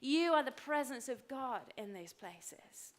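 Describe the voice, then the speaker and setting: A woman in her fifties preaching a sermon, emphatic and repeating phrases for weight, dropping to a hush for personal stories. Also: high voice, lively intonation, a little slow. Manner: drops to a hushed voice for personal stories. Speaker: pastor.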